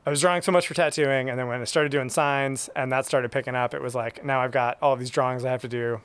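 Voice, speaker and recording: A man being interviewed about his sign painting work, talking in a relaxed, rambling way with lots of fillers. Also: mid-range voice, quick pace, clean tone. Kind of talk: casual conversation.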